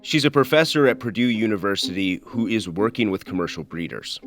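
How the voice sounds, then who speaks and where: A man with a lowish voice narrates an investigative podcast in a measured, earnest manner. Soft music plays under him. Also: animated. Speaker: podcast host and reporter.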